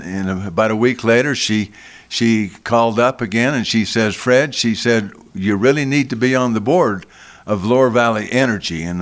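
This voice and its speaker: An older man, a guest in a radio studio, telling a long personal story slowly, with frequent restarts and repeated words. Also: fairly low pitch, fairly bright tone. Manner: slow, halting, with many restarts.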